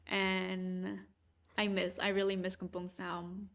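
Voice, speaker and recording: A woman's voice: on the low side, level tone, slow, gravelly, fairly bright tone. A woman hosting a podcast on a video call, chatting casually and hesitantly as she walks through her travel photos. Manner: hesitant, many fillers and restarts. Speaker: podcast host.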